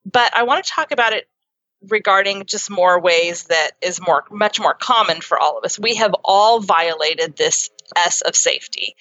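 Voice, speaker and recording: A woman psychotherapist and author, speaking as an interview guest and explaining ideas earnestly with lively examples. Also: on the low side, normal speed, no echo. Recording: dull lo-fi sound.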